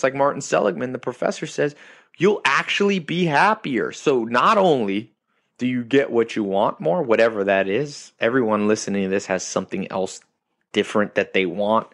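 A man's voice: mid-range voice, normal speed, fairly bright tone, no echo, studio quality. A man hosting a podcast, delivering an emphatic motivational monologue in short, punchy phrases that repeat key points. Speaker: podcast host.

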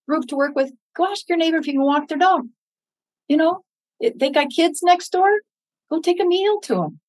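An older American public speaker, heard in poor audio, talks in a high voice during an interview. She is earnest and encouraging and acts out the dialogues going on in her head.

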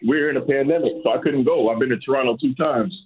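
A man's voice: mid-range voice, quick pace, slightly rough. A man calling in as a guest reporter, chatting casually and calling everyone "man". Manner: easygoing, says "man" a lot. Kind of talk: casual phone-in chat. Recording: tinny phone line with faint noise.

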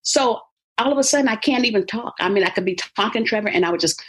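A woman's voice: fairly high pitch, expressive, quick pace, a bit bright, husky. A woman motivational speaker and author talking in an interview, emphatic and preacherly, laughing easily. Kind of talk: interview conversation.

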